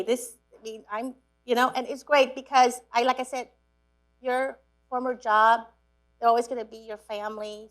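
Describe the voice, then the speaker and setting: A woman from Cambodia telling stories to students, lively, laughing often and acting out what people said. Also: medium pitch. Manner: lively storyteller, acts out quotes, laughs often. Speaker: guest speaker. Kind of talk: storytelling talk to students.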